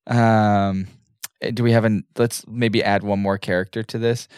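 A man's voice: fairly low pitch, little pitch movement, takes it slowly, smooth, no echo, studio quality. A male podcast co-host in casual chat, laughing often and reading aloud with small stumbles.

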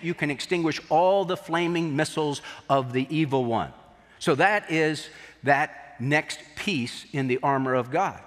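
A man's voice: a little high, fairly bright tone. Man preaching with a raised voice, echoing hall. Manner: expository preaching, rising to emphatic peaks. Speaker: pastor. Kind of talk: sermon.

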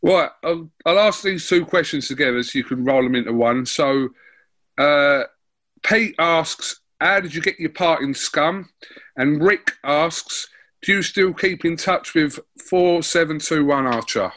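A man hosting a podcast interview, briskly reading out questions from listeners. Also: a little high, fairly bright tone. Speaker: podcast host.

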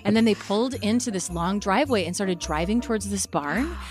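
A woman's voice: mid-range voice, lively intonation, brisk. A woman co-hosting a podcast, telling a personal story in casual chat and acting out her parents' lines. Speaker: podcast co-host.

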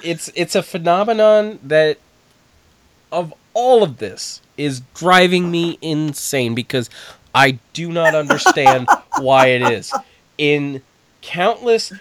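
Guy on a podcast, smooth voice, kinda high, keeps restarting himself, dry close sound. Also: no room sound. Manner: animated and halting, with restarts. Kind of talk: casual podcast chat.

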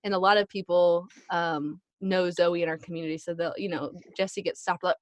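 A woman in her thirties, a podcast guest, telling a family story in a casual, animated way and acting out the voices of people she quotes. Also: fairly low pitch, brisk, few pauses, no echo. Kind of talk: casual chat.

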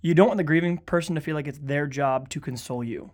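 Male pastor in grief, earnest podcast talker, voice sitting a little high. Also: fast talker. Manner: earnest, quotes others in soft hushed asides. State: grieving. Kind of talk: conversational podcast talk.

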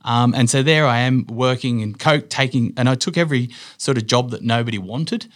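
Australian man, middle-aged, interview guest, rambling storyteller, fillers and restarts, mid-pitched voice. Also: brisk. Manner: rambling, lots of fillers and restarts, laughs while telling stories. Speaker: guest, business owner.

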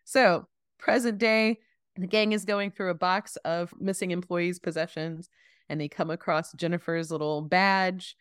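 A woman co-hosting a casual podcast who laughs often and tells an animated recap. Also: lowish voice, unhurried, clean tone, dry recording, clean studio sound. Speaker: podcast co-host recapping episodes.

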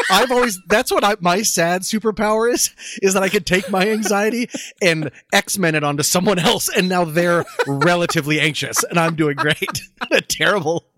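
A man's voice: sits high, normal speed, bright, forceful tone, dry recording. A man in his forties co-hosting a podcast, telling a self-deprecating story and laughing often between lines. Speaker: podcast co-host. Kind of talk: casual podcast chat.

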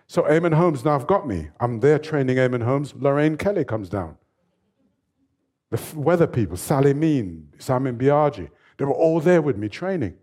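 A man in his seventies, a fitness trainer telling stories as an interview guest in a lively, animated way. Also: medium pitch, moderate pace. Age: 70s. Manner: lively, animated storyteller who laughs often. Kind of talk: storytelling in an interview.

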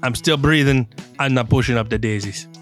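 A man's voice: mid-range voice, brisk, faint music behind, lightly acted. A man voicing a frantic, grateful male ripper doc who swears with relief. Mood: relieved.

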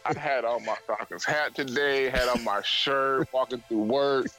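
A man calling in to a sports chat show, upbeat and excited about the win. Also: medium pitch, normal speed, faint music behind. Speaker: caller.

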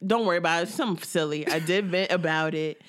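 A woman's voice: fairly low pitch, fast talker. A woman co-hosting a casual chat, recapping a reality show with lots of laughter and acted-out quotes. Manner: animated, laughing, acts out quotes.

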